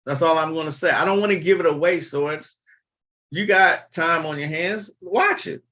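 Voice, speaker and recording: A man's voice: on the high side, moderate pace, bright, forceful tone. A man hosting a casual livestream, talking bluntly and chattily and swearing freely. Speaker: livestream host.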